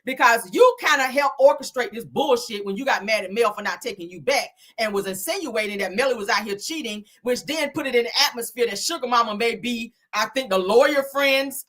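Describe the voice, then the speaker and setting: A woman's voice: on the high side, expressive, a little fast, pushed and bright. A woman hosting reality TV commentary, blunt and scolding, with frequent swearing. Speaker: commentary host.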